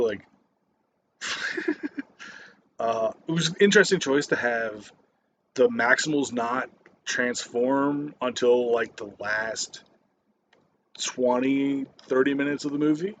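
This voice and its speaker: A man's voice: mid-range voice, a bit bright, a little hiss or hum. A man giving a casual, rambling movie review, swearing constantly and stopping often for fillers and restarts.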